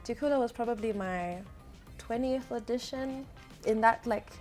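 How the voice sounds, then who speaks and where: A woman's voice: a little high, moderate pace, darkish tone, faint music behind. A young woman from Zambia, an actress and model, chatting casually as an interview guest with light humour and frequent laughs.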